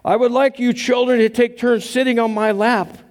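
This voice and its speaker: A man playing Santa Claus, a large bearded man who bellows his words slowly and drawn out. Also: extremely high pitch, little pitch movement, voice pushed up. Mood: booming.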